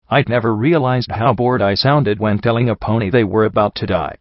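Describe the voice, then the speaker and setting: A man narrates a story in an even, measured way. His voice is low. The recording is dry with no room sound and a little dull. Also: no room sound. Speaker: audiobook reader. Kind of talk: scripted narration.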